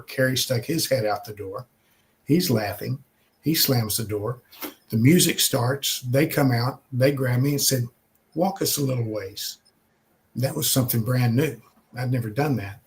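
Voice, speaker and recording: An older man from Texas, telling stories in a casual way with many pauses and restarts. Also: mid-range voice, darkish tone. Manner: conversational, many "uh" and repeated starts. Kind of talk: casual storytelling.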